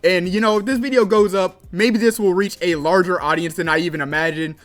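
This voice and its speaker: Young male creator, high-pitched, casual gaming commentary video essay with plenty of filler words. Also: fairly even intonation, brisk, a bit bright. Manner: casual, with frequent fillers like "like" and "kinda".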